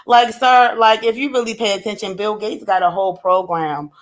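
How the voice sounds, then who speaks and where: Her voice is mid-range with a steady tone and moderate pace as she co-hosts a live stream. The woman chats casually, blunt and animated, with plenty of swearing and frequent laughter.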